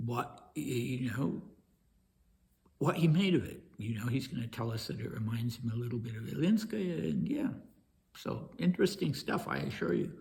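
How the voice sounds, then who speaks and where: A man with a gravelly, creaky edge to his mid-pitched voice hosts a history channel. He talks loosely and unscripted, circling back with fillers and restarts as he works through his thoughts. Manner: hesitant, many fillers and restarts. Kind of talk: casual spoken commentary.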